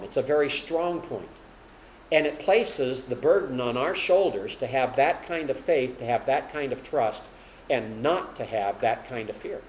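A man's voice: a little high, reverberant, a little hiss or hum, low-quality recording. A man preaching an expository Bible lesson to a small group, explaining each point plainly and raising his voice for emphasis when he quotes scripture. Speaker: preacher teaching a Bible study.

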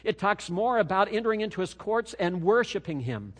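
A man's voice: sits high, big pitch swings, a little fast, fairly bright tone, long reverb tail. A man preaching a sermon as pastor, with an emphatic, rising and falling cadence.

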